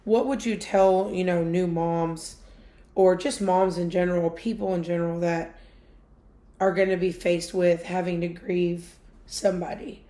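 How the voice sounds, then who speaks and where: Gentle reassuring woman interviewer, lowish voice. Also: flat delivery, measured pace. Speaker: podcast co-host interviewer. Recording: echoey room.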